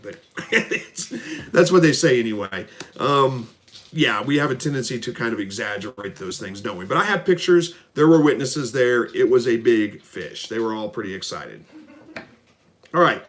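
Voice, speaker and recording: A middle-aged man hosting a casual live stream, reading out viewer comments and answering in a relaxed, folksy way. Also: medium pitch. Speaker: livestream host answering viewer questions. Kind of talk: casual live Q&A about raising rabbits and quail.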